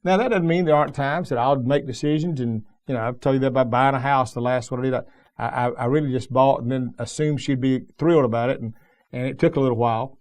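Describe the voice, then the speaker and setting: A man's voice: mid-range voice, steady tone, fast, a little mellow. A middle-aged male pastor preaching a sermon in a folksy, plain-spoken storytelling way, with emphatic asides.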